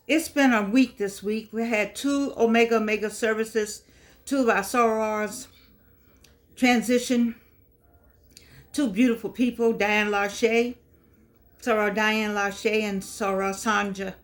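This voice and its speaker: A woman's voice: medium pitch, a little slow, pauses often. An older woman, hosting a casual motivational vlog with effusive, rambling talk that repeats itself, her speech shaped by missing front teeth. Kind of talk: casual chatty monologue.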